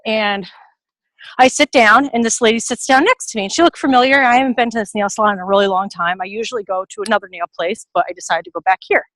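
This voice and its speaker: Woman, out of breath, rapid storyteller, acts out quotes, video call, dry sound. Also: medium pitch, no echo, rough recording. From New York area. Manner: fast animated storyteller acting out quotes. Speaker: team member sharing a story. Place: outdoors in a garden.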